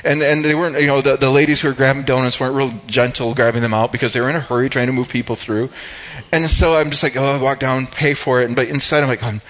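An older man tells a story from his own life as part of a sermon. His pitch sits in the middle, and his delivery is loose and chatty, full of restarts and asides. The recording sounds a little dull and lo-fi. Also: level tone, fast, fairly bright tone. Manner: rambling and conversational, with many restarts and asides. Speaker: speaker giving a devotional talk.

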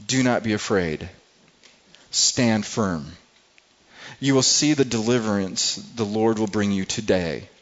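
Male pastor, mid-pitched, earnest sermon delivery with many restarts, slightly muffled recording. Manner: earnest, repeats words often while searching.

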